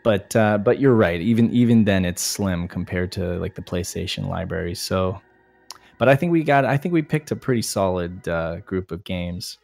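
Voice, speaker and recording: A man's voice: low voice, animated, normal speed, vocal fry, a little mellow, dry recording. A man co-hosting a casual podcast, chatty and rambling, laughing often. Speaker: podcast co-host. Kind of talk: casual chat.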